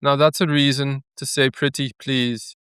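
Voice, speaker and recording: A man's voice: medium pitch, level tone, a little slow, a bit bright, smooth, no room sound, studio quality, close to an everyday voice. A man reading a product blurb aloud in a playful, hammy mock Danish accent.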